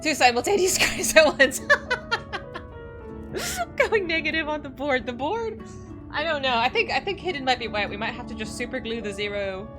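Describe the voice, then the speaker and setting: A woman streaming a video game, chatting casually with viewers, giggly and emotional, often laughing through tears, with many restarts. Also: on the high side. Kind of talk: casual livestream chat while gaming.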